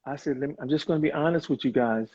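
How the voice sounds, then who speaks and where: A man's voice: mid-range voice, fast talker, darkish tone, slightly rough. A man talking earnestly and reflectively in a casual live conversation, over a video call. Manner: earnest, reflective, with many fillers. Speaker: guest on a live video chat. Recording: muffled, lo-fi video call audio.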